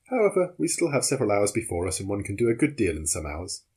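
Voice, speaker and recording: A man with a husky voice voicing a calm, loyal young male servant who speaks politely and formally in a storybook reading. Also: on the low side, fast. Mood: composed.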